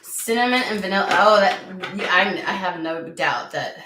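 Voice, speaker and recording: This time the American tarot reader sounds bright and forceful, her mid-range voice full of lively intonation at a moderate pace with hardly any pauses. She rambles casually, gets sidetracked, and swears now and then, in an echoey room with slight background noise.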